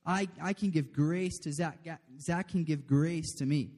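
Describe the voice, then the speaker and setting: A man's voice: a little high, unhurried, a little mellow. A man preaching a casual, chatty sermon, often checking in with the room. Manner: chatty, asks the room "okay?", laughs often. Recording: long hall reverb.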